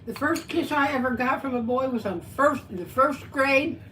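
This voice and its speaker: A woman chatting casually on a livestream, telling a lively story. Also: high voice, moderate pace, distant mic, a little hiss or hum, low-quality recording. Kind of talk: casual chat.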